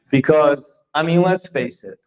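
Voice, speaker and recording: An older man from Philadelphia, a spiritual teacher telling a personal story in a class, acting out what he once said. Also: a little high. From Philadelphia, United States. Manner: animated, acts out his own past lines. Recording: dull lo-fi recording.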